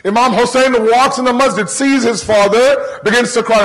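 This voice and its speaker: High-voiced man preaching an emotional sermon. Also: normal speed, a bit bright, low-quality recording. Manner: emotional storytelling with heavy repetition.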